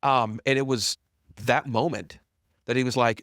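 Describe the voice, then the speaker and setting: This unhurried podcast guest is a middle-aged company founder telling his story candidly and bluntly, with humor at his own expense. He's animated and acts out quoted dialogue with big pitch jumps. The recording is studio quality, with no echo.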